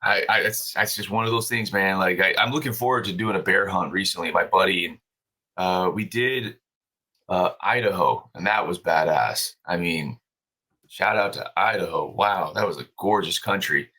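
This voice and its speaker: A man telling a story on a podcast as the guest, animated and casual, swearing freely with many fillers and restarts. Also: sits low, moderate pace, slightly rough, poor audio. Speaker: podcast guest, brewery owner.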